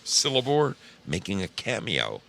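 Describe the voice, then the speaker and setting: A man's voice: on the low side, huge pitch swings, unhurried, creaky, a bit bright. A tired man hosting a casual livestream, chatting with viewers and reading their names, drawling and swearing freely. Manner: drawling, profane, talks to chat by name. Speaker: livestream host.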